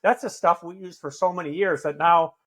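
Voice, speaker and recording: A man's voice: fairly high pitch, steady tone, a little fast, a bit bright. Blunt, profane man with a raised voice. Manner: profane, emphatic, preachy tough-love talk. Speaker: podcast guest, author in recovery. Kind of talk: blunt conversational storytelling.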